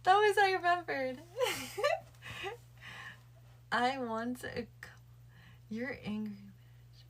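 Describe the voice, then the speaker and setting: A woman's voice: sits high, very animated, very slow, a bit bright. A woman livestreaming late at night, chatting casually with her viewers and thinking aloud. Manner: chatty, addresses her viewers and chat directly.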